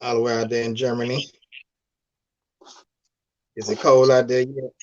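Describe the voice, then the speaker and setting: A man's voice: medium pitch, level tone, normal speed. A man hosting a casual live stream, talking loosely in slang and reading out chat comments. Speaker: livestream host. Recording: dull lo-fi stream audio.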